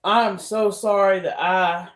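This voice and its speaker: A woman's voice: medium pitch, fairly even intonation, takes it slowly. A woman vlogger speaking in a heated, blunt, sarcastic monologue. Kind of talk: casual monologue to camera.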